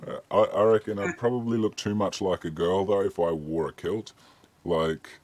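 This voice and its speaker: A man's voice: deep voice, fairly even intonation, moderate pace, darkish tone, no room sound. A man from Australia hosting a casual chat, easygoing and swearing freely. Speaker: host.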